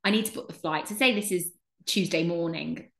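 A woman's voice: on the low side, brisk, vocal fry, echoey room. A woman from England in her thirties, a guest telling a story in casual chat and acting out what everyone said. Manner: animated storyteller acting out quoted voices.

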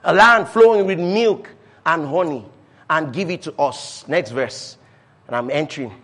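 A man preaching a sermon, reading scripture slowly, repeating key phrases and jumping from quiet asides to shouted declarations. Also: fairly high pitch.

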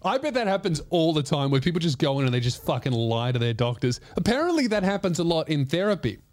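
A man's voice: on the high side, very animated, quick pace, a little mellow. Joking man in his late twenties. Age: late 20s. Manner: joking, rambling storyteller. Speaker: podcast host. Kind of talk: casual chat.

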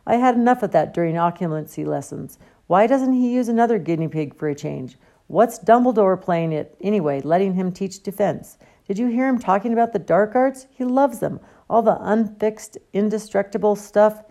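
A woman's voice: mid-range voice, lively intonation, moderate pace, hardly any pauses, mellow, pitched above the performer's own voice, natural voice. A woman voicing an indignant teenage boy wizard in an audiobook reading, with a heated, aggrieved delivery. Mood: fuming.

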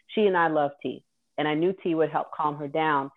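A woman's voice: sits low, brisk. Woman telling a story over tinny audio. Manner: earnest, vivid retelling. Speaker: guest host sharing her caregiving story. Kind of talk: personal storytelling.

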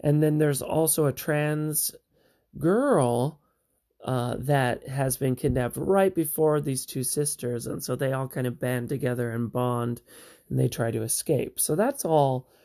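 A man talks through a TV series in an unhurried, drawn-out way, with a gravelly, creaky edge to his voice. His delivery is chatty and meandering, full of asides. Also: medium pitch, warm tone. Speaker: TV series reviewer. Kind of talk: casual spoken review.

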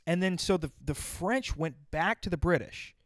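Man, casual podcast storyteller, swears freely, rambles and restarts, a bit high-pitched, dry close recording. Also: lively intonation, normal speed, no echo.

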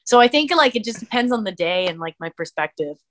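A woman, a musician and streamer, chatting as a podcast guest and telling stories in an animated way, full of "like". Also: medium pitch, fast. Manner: animated storyteller, many "like" fillers. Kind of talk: casual interview chat.

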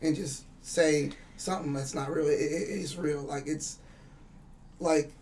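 A man's voice: fairly high pitch, steady tone, unhurried, darkish tone, distant mic, slight background noise. A man telling a spiritual story in casual chat, rambling and profane, acting out the dialogue. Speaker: guest.

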